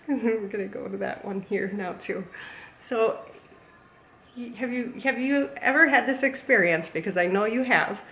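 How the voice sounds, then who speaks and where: A woman's voice: a little high, unhurried, a bit bright, slight background noise. A woman chatting casually as a plant YouTuber, gushing and playful. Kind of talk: casual vlog chat. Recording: echoey room, faint ambience.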